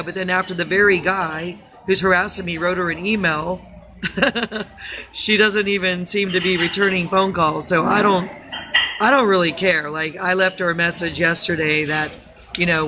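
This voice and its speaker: A woman's voice: lowish voice, noisy background. A woman vlogging into her phone, tired and rambling, with nervous laughs breaking in. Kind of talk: casual phone vlog.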